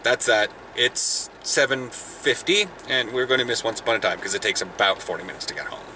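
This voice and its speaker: A man's voice: medium pitch, fairly quick, noisy background. A young man chatting casually in a car while vlogging, rambling with restarts and laughs. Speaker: vlogger, football player. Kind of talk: casual chat. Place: in a car, then outdoors.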